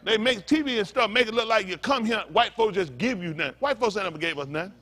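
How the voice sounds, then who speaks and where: A man's voice: sits high, animated, fast talker, sharp tone. A male pastor preaching a fiery, blunt sermon, full of profanity and call-and-response asides.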